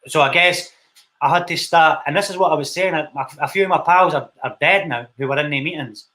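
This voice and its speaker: Scottish guy telling his story in an interview, bright voice, a bit high, sweary and blunt. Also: brisk. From Scotland. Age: young adult. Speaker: guest, film director.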